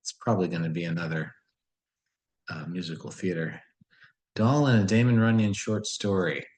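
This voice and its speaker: A man's voice: low voice, fairly even intonation, moderate pace, a little mellow, poor audio. A man solving a word puzzle and thinking aloud in a casual, musing way, often questioning himself. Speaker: puzzle solver.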